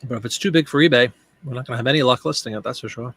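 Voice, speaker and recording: Speaking very fast in a medium-pitched, slightly bright voice, a male live-stream host and online seller chats casually with viewers by name while thinking aloud over his work.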